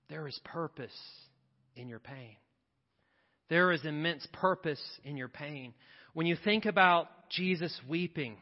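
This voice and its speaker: A man with a high, bright-edged voice preaches an impassioned sermon, piling up repeated refrains as he builds. The sound is dull and muffled, with a long reverb trailing off the church walls. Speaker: pastor. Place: church sanctuary.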